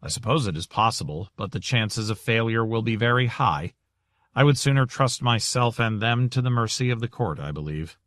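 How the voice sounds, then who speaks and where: A man narrating an audiobook in a measured, composed way. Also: medium pitch, animated, fairly bright tone, dry recording, studio quality. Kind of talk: scripted narration.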